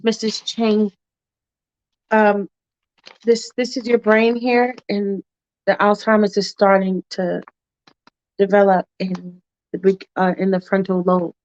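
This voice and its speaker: A woman voicing a grave male doctor who speaks low, softly and haltingly, apologizing. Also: flat delivery, highs cut off, natural voice. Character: hesitant male doctor, soft-spoken and grave.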